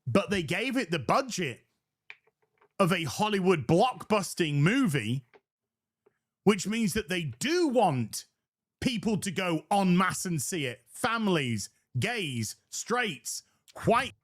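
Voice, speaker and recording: Male co-host, high animated delivery, emphatic profane rant. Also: slow pace. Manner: emphatic, swearing, rhetorical questions. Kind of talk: casual livestream chat.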